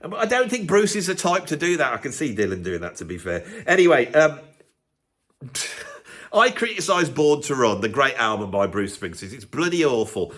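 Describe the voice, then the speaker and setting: Bright-voiced man ranting sarcastically. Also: mid-range voice, sing-song, moderate pace. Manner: mock-pompous, self-mocking, exasperated. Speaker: YouTube host and professional drummer. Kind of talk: sarcastic comedic rant to camera.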